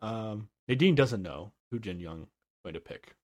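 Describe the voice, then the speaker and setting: A young man co-hosting a casual recap podcast, his low voice swinging widely up and down as he talks. He laughs easily and hedges his opinions with "like" and "I don't know." The tone is relaxed and conversational. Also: measured pace. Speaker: podcast co-host.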